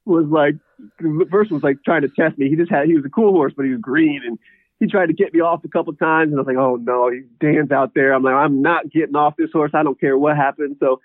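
A man's voice: on the high side, fast talker, dry recording. Man telling a story over a tinny line. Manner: rambling, repeats words, laughs often. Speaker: guest, horse trainer. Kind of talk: casual interview storytelling.

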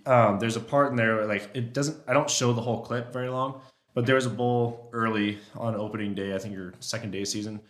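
A man guesting on a podcast, chatting casually and telling hunting stories with lively, animated delivery. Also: a little fast. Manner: animated storyteller who acts out elk talk in a high voice. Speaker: guest elk hunter and caller.

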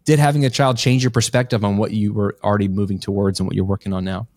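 A man's voice: on the low side, level tone, fast talker, darkish tone, no echo. A man hosting a podcast interview, talking casually and enthusiastically with frequent restarts. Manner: enthusiastic, many restarts and fillers. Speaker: podcast host.

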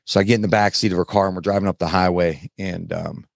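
Low-voiced man, frank and dry. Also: steady tone, vocal fry, dry recording. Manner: frank, plain-spoken, occasional swearing; halting, many fillers and restarts while recounting. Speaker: podcast guest. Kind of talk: candid interview storytelling.

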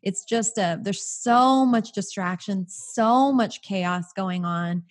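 An American woman hosting a podcast, enthusiastic and gushing, with quick asides. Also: medium pitch. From United States. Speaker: podcast host. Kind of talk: podcast intro and interview.

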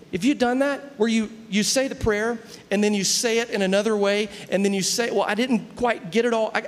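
Man, pastor, high voice, chatty sermon, long hall reverb. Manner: conversational preaching, often asks "do you see?".

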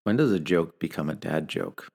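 A man, the host's husband, casually telling dad jokes on a podcast with playful deadpan punchlines. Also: low-pitched, normal speed.

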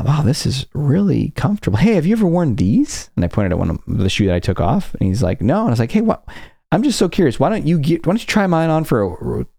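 A man hosting a self-help podcast, talking to listeners and telling stories with animated, acted-out quotes. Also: on the low side, vocal fry, no room sound, studio quality. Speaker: podcast host.

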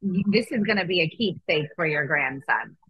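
A woman's voice: low voice, animated, moderate pace, husky, dry recording, muffled recording. A woman in her forties hosting an interview in an affirming, faith-filled manner. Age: 40s. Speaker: host. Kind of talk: casual interview.

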